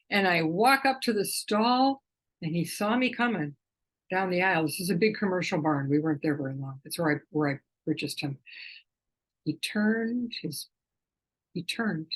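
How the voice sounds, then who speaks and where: A middle-aged woman, an animal communicator, telling a rambling, emotional personal story in a gentle way. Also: on the low side, rough recording. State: tearful at times.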